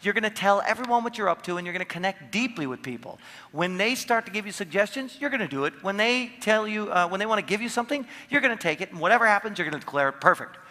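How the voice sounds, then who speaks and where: A man giving a motivational seminar talk, animated and playful, acting out quotes in his stories. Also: high-pitched, quick pace, long reverb tail. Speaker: seminar speaker. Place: large hall with audience.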